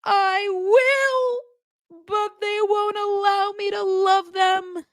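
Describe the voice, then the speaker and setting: A woman doing a sarcastic, melodramatic parody of a whiny, self-pitying middle-aged husband in a high, mock-tearful voice. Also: steady tone, drawn-out words, no room sound, studio quality, exaggerated voice.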